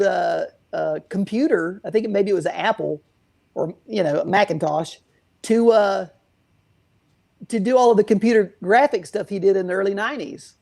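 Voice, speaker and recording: A man's voice: high voice, vocal fry, darkish tone. A man who runs a guitar shop, answering interview questions with long rambling stories full of fillers. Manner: rambling, many fillers and restarts. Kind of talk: casual storytelling interview.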